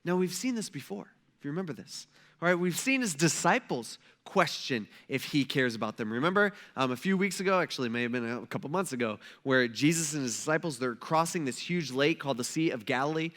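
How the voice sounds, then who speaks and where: A man's voice: fairly high pitch, brisk. A male pastor preaching a casual, conversational sermon, telling stories and acting out quotes. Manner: casual, animated storytelling with acted-out quotes.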